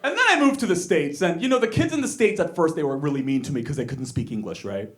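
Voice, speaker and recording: A young man born in Korea telling stand-up stories on stage, animated and quick to jump into character voices. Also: background noise. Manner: animated storytelling, jumps into high squealing character voices. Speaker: stand-up comedian. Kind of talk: stand-up comedy set. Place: comedy stage with audience.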